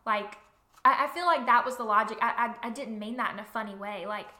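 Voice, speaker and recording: An enthusiastic woman gushing about a novel with a bright, forward voice that sits a little high. She giggles and trips over her restarts, and the room echoes around her. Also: brisk. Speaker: book podcast co-host. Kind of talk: casual chat.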